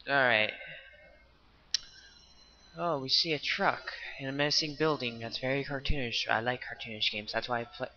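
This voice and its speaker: A man's voice: mid-range voice, fairly even intonation, normal speed, pauses often, bright, forceful tone, lo-fi sound. A young man hosting a casual gameplay video, jokey and swearing, reading game text aloud. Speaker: let's play host.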